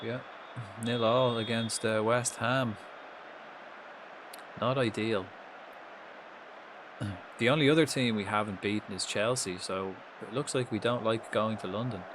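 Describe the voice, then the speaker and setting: A man with a fairly low voice talks through a football game on a live stream, chatty and quick to swear. He reacts out loud to every moment on the pitch. A clear layer of noise runs behind his voice. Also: steady tone. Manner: chatty, swears freely, reacts loudly to the match. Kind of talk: casual live gameplay commentary.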